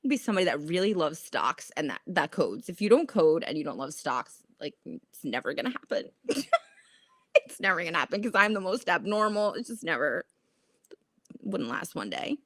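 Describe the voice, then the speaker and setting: Her voice is lowish and her pace normal as she hosts a relaxed stock trading stream and reads comments from viewers. Swearing and laughing at herself, she stays lively, and the recording is dry and studio quality.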